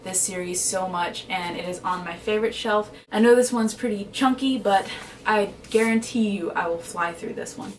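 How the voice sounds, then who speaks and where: A woman's voice: medium pitch, recorded from a distance, slight background noise. A woman vlogger chatting casually about books she bought, often unsure of titles and gushing about favorites. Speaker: book vlogger. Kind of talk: casual book haul chat.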